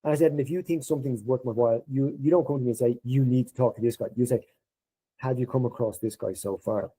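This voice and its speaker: A man's voice: medium pitch, fast, husky, rough recording. A middle-aged man, a podcast guest, telling workplace stories in casual conversation and acting out the dialogue in a lifted voice. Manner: animated, acts out quoted dialogue in a raised voice.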